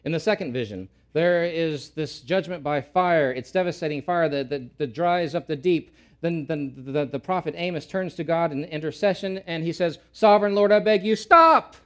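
A man preaching a sermon in an earnest way, repeating key words for emphasis and rising loud when quoting pleas. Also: fairly high pitch, moderate pace, hardly any pauses. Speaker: pastor.

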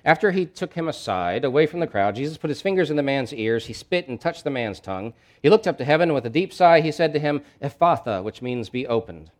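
A man's voice: a little high, lively intonation, fast, few pauses, a little mellow. A man preaching a sermon in a conversational, emphatic way, with asides and frequent restarts. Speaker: pastor.

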